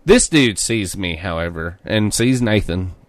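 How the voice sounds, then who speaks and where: A Southern man co-hosting a podcast, telling a story with plenty of swearing. His pitch swings up and down, and he is picked up on a dry, close mic. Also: animated, unhurried, no room sound. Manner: profane storytelling. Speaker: podcast co-host. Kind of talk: casual chat.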